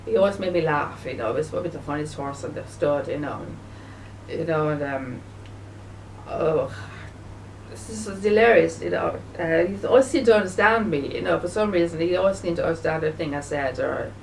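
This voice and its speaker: A woman video blogger speaking in a casual, halting way, full of fillers and restarts, and sounding emotional and grieving. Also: low-pitched, creaky, darkish tone, far from the mic, a little hiss or hum, low-quality recording. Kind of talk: casual spoken remembrance.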